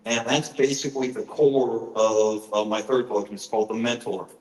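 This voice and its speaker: A man's voice: fairly low pitch, steady tone, moderate pace, darkish tone. A middle-aged man telling personal stories in a conference talk, earnest, with frequent fillers. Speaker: author giving a presentation. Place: conference hall. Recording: echoey conference hall.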